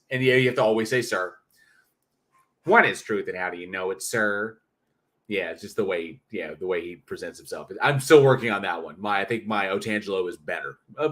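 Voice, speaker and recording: Blunt, swearing male livestream host. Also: fairly low pitch. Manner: blunt, profane, animated ranting. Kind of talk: casual livestream chat reading comments.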